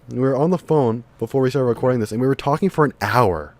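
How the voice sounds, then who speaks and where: A man's voice: medium pitch, fast, a little mellow. A young man hosting a casual podcast chat, joking crudely and swearing a lot. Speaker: podcast host.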